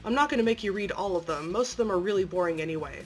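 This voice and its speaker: A woman narrating from a script in a clear, matter-of-fact way. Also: medium pitch, racing, soft background music.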